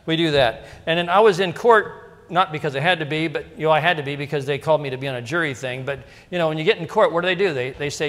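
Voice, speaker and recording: A middle-aged man preaching a relaxed, conversational sermon. His voice sits a little high for a man, and it rings out with a long hall reverb. He keeps tossing rhetorical questions to the congregation. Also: quick pace. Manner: casual and storytelling, with frequent asides and rhetorical questions. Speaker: pastor. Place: church sanctuary.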